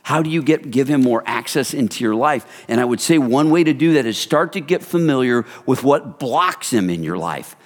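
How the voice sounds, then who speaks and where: A male pastor preaching a sermon at a middle pitch in a casual, animated way and telling stories to his listeners. His voice carries a long hall reverb. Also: moderate pace, few pauses. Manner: conversational, animated storytelling.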